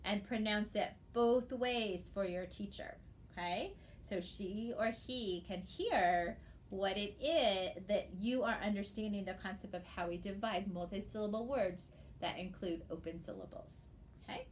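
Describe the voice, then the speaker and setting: A woman gives a phonics lesson to students she cannot see, talking in a patient, encouraging way. She spells out letters slowly and clearly. A faint hiss runs under her voice. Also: mid-range voice. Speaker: reading teacher.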